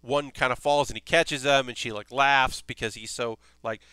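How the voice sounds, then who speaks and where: A man chats on a live stream as he builds a model kit, rambling eagerly and cursing now and then. His voice is bright and very clear, caught dry and close on the mic. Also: medium pitch, fairly even intonation, moderate pace, no room sound. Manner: rambling and enthusiastic, swears freely. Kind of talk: casual live-stream chat.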